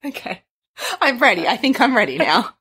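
A woman hosting a casual chat, reacting with big, expressive exclamations. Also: fairly high pitch, normal speed, slightly rough.

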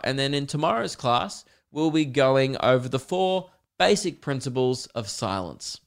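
A man's voice: medium pitch, fairly bright tone, clear, resonant tone. A young man hosting a podcast, rambling in a crude, joking way and acting out little scenes. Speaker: podcast host. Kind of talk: casual comedic monologue.

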